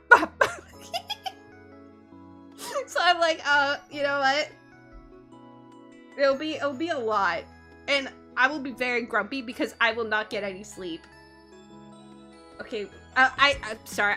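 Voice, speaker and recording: A bubbly woman from Canada chats on her livestream in a high, very bright voice. She rambles, giggles often and laughs at her own asides. Soft music plays faintly underneath. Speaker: streamer. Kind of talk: casual livestream chat.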